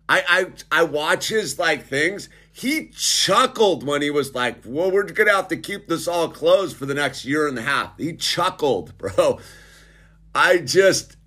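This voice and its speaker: A man's voice: fairly high pitch, pushed and bright. Rambling sarcastic man who keeps saying dude. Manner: rambling, sarcastic, restarts a lot, says dude often. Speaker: commentator. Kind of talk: casual ranting monologue.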